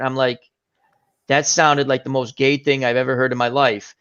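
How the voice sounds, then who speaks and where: A man hosting a casual chat, telling an animated anecdote and acting out the voices of the people in it. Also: mid-range voice, normal speed, clean tone. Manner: animated anecdote teller, acts out quoted voices. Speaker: host. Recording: dull lo-fi stream audio.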